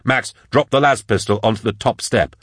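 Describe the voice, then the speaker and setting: A man with a low voice narrating an action audiobook steadily and dramatically. The recording is dry and close, made in a studio booth. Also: moderate pace, fairly bright tone, dry recording.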